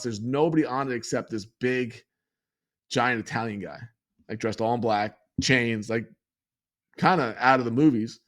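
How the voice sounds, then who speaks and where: Animated storytelling man from New York. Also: mid-range voice. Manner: animated storyteller, acts out the people in his story. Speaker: podcast guest. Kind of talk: storytelling in a conversation.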